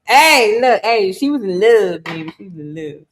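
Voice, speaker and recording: Animated woman livestream host. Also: medium pitch, a little slow. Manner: animated, laughs often, sleepy-voiced. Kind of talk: casual livestream chat.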